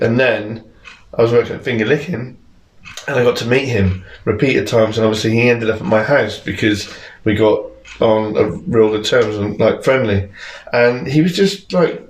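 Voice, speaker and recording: Young male musician, middle pitch, candid rambler, roomy echo. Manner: candid, rambling storyteller, swears freely. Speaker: musician guest. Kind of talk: casual podcast chat.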